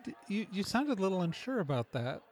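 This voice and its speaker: Man with a high voice, probing role-play. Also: very animated, quick pace, a little mellow, a faint crowd. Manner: probing, suspicious questioning, chatty. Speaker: player. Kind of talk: in-character tabletop role-play.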